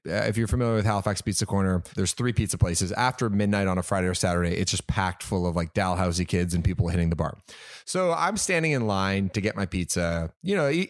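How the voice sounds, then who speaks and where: A man's voice: lowish voice, dry recording, clean studio sound. A man on a podcast telling a story in casual chat, acting out what people said and swearing as he gets worked up. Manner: animated, acts out quotes, swears, grows loud.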